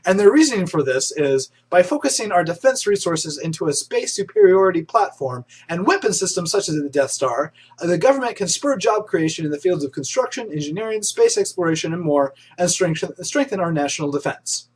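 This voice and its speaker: A man's voice: sits high, expressive, a little fast, hardly any pauses, husky. A young man hosting a casual online news roundup, chatty and enthusiastic, with frequent restarts and fillers. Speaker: host of an online news show.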